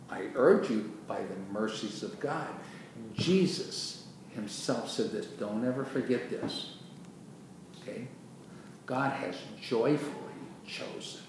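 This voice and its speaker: A man preaching a sermon with emphatic delivery, swinging from quiet passages to loud bursts. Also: mid-range voice. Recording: echoey hall from far off with noise.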